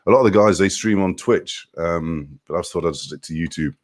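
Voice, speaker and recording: A man's voice: sits low, moderate pace. A man who drives trucks, casually chatting on a live stream, reading out viewer comments, greeting people by name and laughing often.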